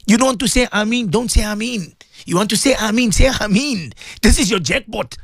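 A man's voice: high-pitched, a little fast, creaky, dry recording, clean studio sound. A man presenting a religious radio show, speaking fervently and pleading, often repeating himself. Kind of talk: emotional religious radio talk.

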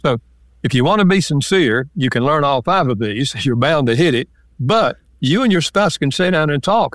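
A man, an author and counselor, calmly explaining ideas with everyday examples in an interview. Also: fairly high pitch, moderate pace, dry recording, clean studio sound. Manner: calm, explanatory, gives examples. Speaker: author and marriage counselor guest. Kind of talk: interview conversation.

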